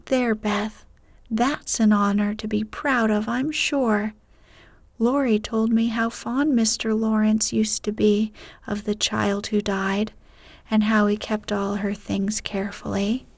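A woman voicing an eager, excited young woman, Jo, in a whispered role-play, gushing in a breathless whisper. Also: mid-range voice, slow pace, no room sound. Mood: proud.

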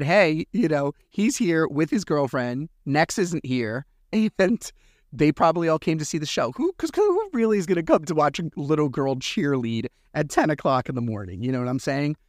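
A man's voice: a little high, no echo, studio quality. A man in his thirties hosting a podcast, casually retelling a story and acting out the quoted dialogue. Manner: chatty, retells dialogue with animated quoted voices. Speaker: podcast host.

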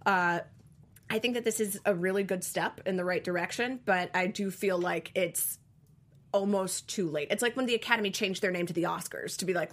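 A woman's voice: fairly low pitch, brisk. A woman on a casual panel discussion, sharing earnest opinions while thinking aloud.

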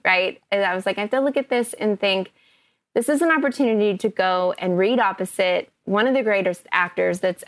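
A woman in a casual podcast chat, telling a story with lively energy and plenty of fillers. Her voice sits at a middle pitch. The sound is close and dry. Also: dry recording. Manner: animated, chatty, many fillers. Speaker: actress guest.

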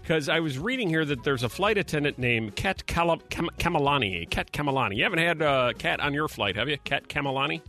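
Bright jokey radio dude, kinda high voice, music faint behind. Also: male voice, animated. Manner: jokey, quick, self-deprecating. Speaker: radio morning show host. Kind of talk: casual on-air banter.

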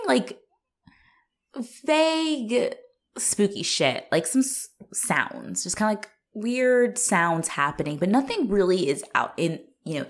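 A woman co-hosting a casual movie chat, talking loosely with many fillers and swearing. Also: lowish voice. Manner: chatty, filler-heavy, profane, laughs often. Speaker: podcast co-host.

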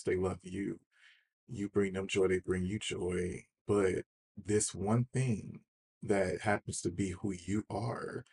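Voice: sits low, a little mellow, slightly rough. A podcast host chatting in an interview, supportive and affirming. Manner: supportive, affirming, frequent backchannel. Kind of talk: conversational interview.

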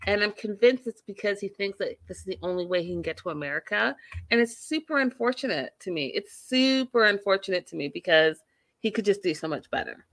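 A woman's voice: mid-range voice, lively intonation, a little fast, a bit bright, no room sound. A woman recapping a reality show in a casual vlog, blunt and opinionated, swearing freely.

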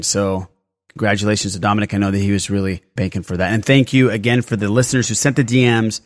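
Podcast host, male, thirties; lowish voice, dry close sound, chatty delivery. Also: dry recording. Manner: chatty, runs through plugs and news quickly. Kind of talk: casual podcast chat.

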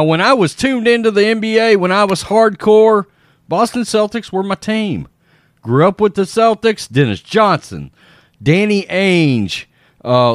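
A middle-aged man hosting a sports opinion show, talking bluntly and with open irritation. His voice sits notably high for a man and pushes hard on key words. The sound is close and dry, with no room echo. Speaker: sports commentary host.

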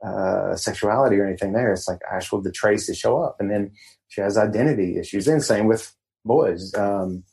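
Guy with a lowish voice rambling along easy, lots of stops and restarts, coach on a podcast. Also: vocal fry, darkish tone, low-quality recording. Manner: meandering, halting, laid-back. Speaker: guest, men's empowerment coach. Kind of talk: casual podcast interview.

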